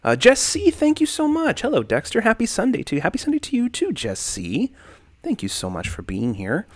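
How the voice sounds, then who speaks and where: A man's voice: sits high, fairly quick, no room sound, clean studio sound. A young man hosting a casual livestream from home, chatting on a desk microphone and greeting viewers by name. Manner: laid-back, greets chatters by name, animated swings. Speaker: livestream host. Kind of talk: casual livestream chat reading comments. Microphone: desk condenser mic.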